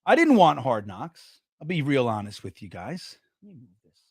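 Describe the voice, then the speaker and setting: A man's voice: medium pitch, moderate pace, slightly rough, no echo, clean studio sound. A middle-aged man hosting a casual livestream show, rambling and cursing as he reads out the live chat. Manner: rambling, profane, excitable. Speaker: podcast host reading live chat.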